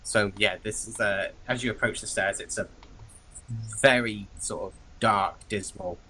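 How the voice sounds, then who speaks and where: A man's voice: on the low side, steady tone, measured pace, bright, forceful tone, husky, rough recording. A man narrating as game master, casual and hesitant with many fillers.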